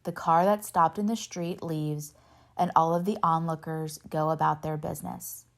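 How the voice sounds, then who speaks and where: A woman reads a novel aloud in a steady first-person narration. Her voice sits on the low side with a gravelly fry, and she gives the dialogue a light touch. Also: moderate pace. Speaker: reader.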